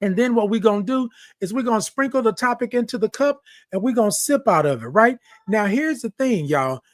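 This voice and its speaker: A man's voice: high-pitched, animated, fairly quick, dry recording, studio quality. A man hosting a morning livestream, playfully reading viewer comments aloud. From Texas. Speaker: livestream host. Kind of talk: casual livestream chat.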